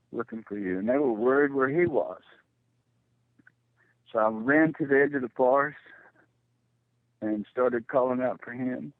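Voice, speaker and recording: A middle-aged man telling a personal story as a radio guest, halting and repeating words when it gets tense. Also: medium pitch, no room sound. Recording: tinny phone line, dry.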